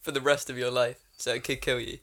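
A man with a bright, sharp tone, talking bluntly as a podcast co-host. He swears freely and calls his friend mate. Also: mid-range voice, level tone, quick pace. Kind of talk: casual chat.

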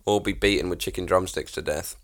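A man's voice: deep voice, fairly even intonation, brisk. A man co-hosting a podcast, teasing his co-host with crude humour and laughing often in casual chat.

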